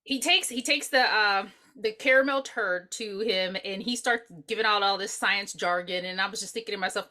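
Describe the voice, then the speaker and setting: A middle-aged woman co-hosting a podcast, chatting casually about a movie in an animated, profane way and acting out the characters' lines. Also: medium pitch, moderate pace, hardly any pauses. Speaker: podcast co-host. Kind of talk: casual movie review chat.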